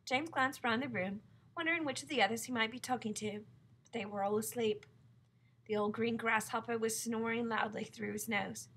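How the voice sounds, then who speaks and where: Bright, husky woman reading a story. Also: on the high side, normal speed. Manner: calm, even read-aloud. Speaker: audiobook reader. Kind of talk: storybook narration.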